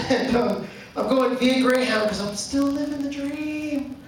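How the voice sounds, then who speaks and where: Stand-up comic, Canadian man, high voice, deadpan storyteller; live club sound, very echoey. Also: takes it slowly. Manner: deadpan storytelling with acted quotes. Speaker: stand-up comedian. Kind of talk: stand-up comedy set. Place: comedy club stage. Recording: echoey club, distant mic, audience noise. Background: audience laughter.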